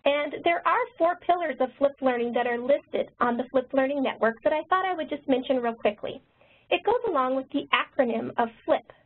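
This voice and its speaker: A woman nurse educator and author who talks quickly, presenting a webinar. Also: high-pitched. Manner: fast-talking. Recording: tinny phone-line webinar audio.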